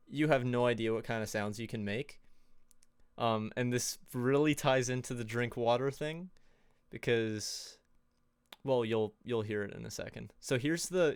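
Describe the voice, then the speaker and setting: Man, casual livestream talk, chatty and loose, mid-pitched, resonant voice. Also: clean tone, no room sound, studio quality. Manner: loose and chatty, full of fillers and laughs. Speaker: co-host presenting on sound design.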